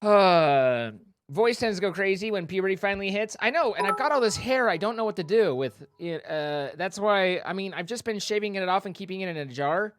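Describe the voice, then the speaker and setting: A man's voice: high voice, expressive, a little fast, a bit bright, no echo. A man streaming live, casually thanking viewers by name and making playful joking asides. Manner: reads out donor names, playful joking asides.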